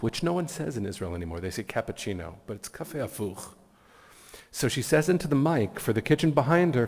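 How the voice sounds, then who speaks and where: Earnest rabbi in a reverberant hall. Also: male voice, lowish voice, lively intonation, a little fast, darkish tone. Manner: reflective, earnest, blessing-giving. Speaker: rabbi, keynote speaker. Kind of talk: keynote sermon with storytelling.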